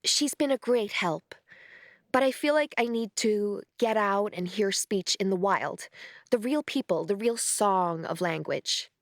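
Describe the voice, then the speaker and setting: Woman playing a glamorous young actress in an audiobook, gushing and dreamy in her earnestness. Her mid-pitched voice sounds dry and close. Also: lively intonation, unhurried, dry recording, lightly acted. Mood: earnest.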